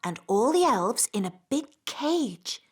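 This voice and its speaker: A gentle motherly fairy queen. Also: on the high side, very animated, slow pace, a little hiss or hum. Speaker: mother, storyteller. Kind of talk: children's cartoon voice acting.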